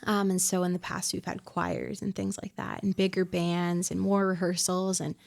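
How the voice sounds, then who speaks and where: A woman's voice: on the low side, little pitch movement, moderate pace, gravelly. Reflective woman in her twenties. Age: 20s. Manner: reflective, soft-spoken, many fillers. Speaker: worship pastor. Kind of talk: podcast interview.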